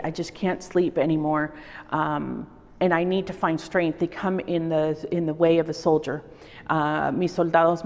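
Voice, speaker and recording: A middle-aged woman from El Salvador, a wood-carving artist, telling personal stories in a reflective interview. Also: deep voice. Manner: reflective, storytelling. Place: art exhibition hall. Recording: reverberant exhibition hall.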